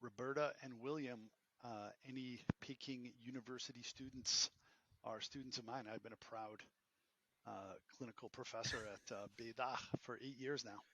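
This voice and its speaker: A man in his fifties with a Boston accent, a podcast guest telling stories in a joking, animated way. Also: medium pitch, moderate pace, highs cut off, slight background noise. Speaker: podcast guest, entrepreneur and professor. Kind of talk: casual interview storytelling.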